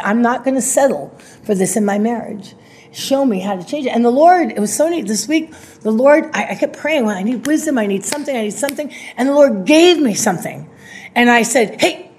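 A middle-aged woman giving a lively, chatty sermon to a live audience, often laughing as she tells stories between her points. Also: a little high. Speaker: preacher.

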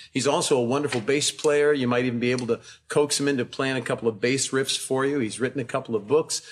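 Man in his sixties introducing a guest pastor. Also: medium pitch. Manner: warm, affectionate introductions. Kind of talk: church welcome and introduction.

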